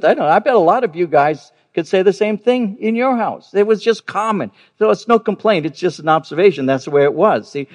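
A man in his fifties or older preaching a sermon, telling a personal story earnestly and repeating words for emphasis. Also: high-pitched. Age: 50s or older. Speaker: pastor.

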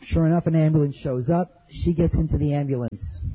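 A man's voice: fairly high pitch, brisk, warm tone, breathy edge, highs cut off. A man telling an audience his survival story in plain, earnest words, repeating phrases as he remembers. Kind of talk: spoken testimony to an audience.

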